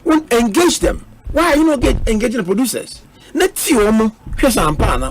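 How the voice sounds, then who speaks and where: A man's voice: very high voice, big pitch swings, fairly quick, slight background noise. A Ghanaian man, a member of parliament, arguing animatedly on a radio panel, mixing Twi and English. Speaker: politician, minority member of parliament.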